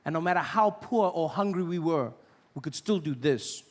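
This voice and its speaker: A man from Africa doing stand-up comedy, animated and mocking as he builds to each punchline. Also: fairly high pitch, normal speed, background noise. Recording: live hall with audience.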